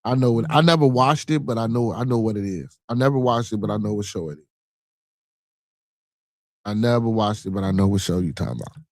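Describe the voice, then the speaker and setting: A man's voice: on the low side, fairly quick, darkish tone, dry recording, clean studio sound. A middle-aged man from Chicago hosting a live podcast, chatting loosely with viewers, laughing, swearing and repeating himself. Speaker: podcast host. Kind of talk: casual live-stream chat reading viewer comments.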